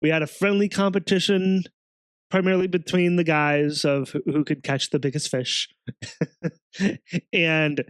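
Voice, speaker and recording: A man hosting a let's play, commenting casually on gameplay, chuckling often and halting with fillers. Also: on the high side, flat delivery, clean tone, dry recording, clean studio sound.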